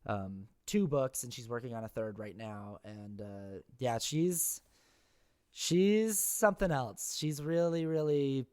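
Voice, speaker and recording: A man's voice: medium pitch, takes it slowly, darkish tone, clean tone. Chatty man rambling through stories. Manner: rambling, filler-heavy storytelling. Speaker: interview guest, actor and content creator. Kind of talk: casual conversational interview. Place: at home, his brother's house.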